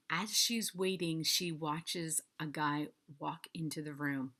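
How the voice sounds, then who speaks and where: A woman hosting a casual book review vlog, chatty and enthusiastic, talking straight to her viewers and gushing with quick repetition. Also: deep voice, fairly even intonation, fairly bright tone.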